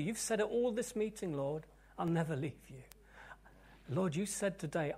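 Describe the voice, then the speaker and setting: A man preaching and praying over his congregation, his voice sitting a little above the usual male range. He drops to hushed, breathy whispers, then climbs into loud, fervent proclamations. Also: a little high, animated, moderate pace. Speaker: pastor. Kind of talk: sermon and prayer.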